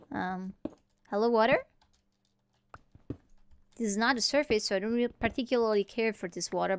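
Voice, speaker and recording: A woman with a medium-pitched, fairly bright voice plays a game alone, giving rambling, playful let's-play commentary. She talks to herself and to the animals she comes across. There's a little hiss or hum in the recording.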